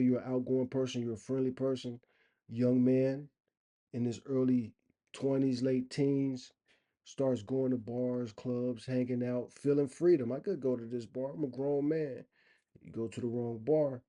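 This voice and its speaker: A middle-aged man vlogger with a mellow, mid-range voice and lo-fi sound tells stories to camera in a casual monologue. He is earnest and emphatic, drawing out his phrases.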